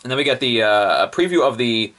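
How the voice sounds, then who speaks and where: A young man giving a casual, unscripted review, rambling and excitable, with lots of fillers and self-corrections. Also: medium pitch, a little fast, slight background noise. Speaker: product reviewer.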